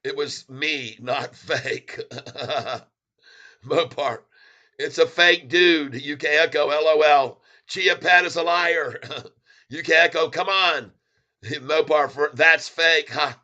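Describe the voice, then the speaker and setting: Male streamer, casual, chuckly, talks straight to viewers, fairly high voice. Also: takes it slowly, bright, forceful tone, muffled recording. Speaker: stock livestreamer. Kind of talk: casual livestream, reading chat aloud.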